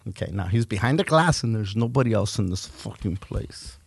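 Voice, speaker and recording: A man's voice: fairly low pitch, moderate pace, vocal fry, breathy edge, no echo, studio quality. A man on a podcast, telling a story in casual, profane talk and acting out each person's lines. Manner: profane, animated storytelling with acted-out dialogue. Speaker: podcast co-host.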